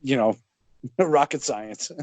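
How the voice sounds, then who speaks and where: A man co-hosting a podcast in casual sports chat, talking in a relaxed, loose way and often chuckling. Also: mid-range voice, slow, no room sound. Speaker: podcast co-host.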